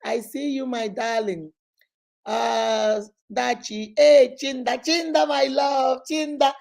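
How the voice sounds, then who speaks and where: A woman's voice: high-pitched, fairly even intonation, takes it slowly, vocal fry, darkish tone. A middle-aged woman with a Nigerian accent hosts a live stream, greeting viewers by name in an exuberant, preachy way.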